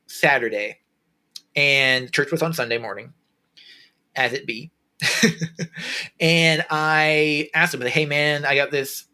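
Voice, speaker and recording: A man's voice: medium pitch, bright, forceful tone. A man hosting a solo podcast, talking casually and earnestly, rambling with restarts and fillers. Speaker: podcast host.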